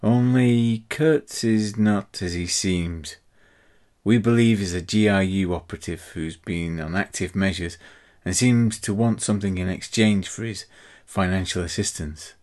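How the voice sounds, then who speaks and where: A man voicing a male spy handler who briefs agents on a mission, in a brisk, measured way. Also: deep voice, darkish tone. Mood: stern.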